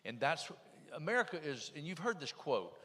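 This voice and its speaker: A man's voice: fairly high pitch, very animated, moderate pace, sharp tone, slightly rough, long reverb tail. A man with a Southern US accent telling stories at a panel in a plainspoken, emphatic way. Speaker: panel speaker. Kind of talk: folksy storytelling.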